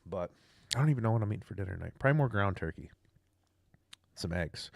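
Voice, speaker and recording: A man's voice: low-pitched, fast, vocal fry, husky, dry recording, clean studio sound. A young man rambling casually through a livestream rant, loose, chatty and profane. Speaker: livestream host.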